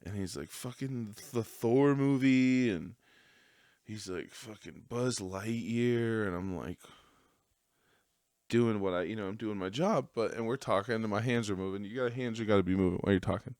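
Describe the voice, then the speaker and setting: A man's voice: lowish voice, fairly quick, darkish tone, no echo, clean studio sound. A man hosting a podcast, telling a rambling, profane story in a casual monologue and laughing at his own jokes. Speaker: podcast host.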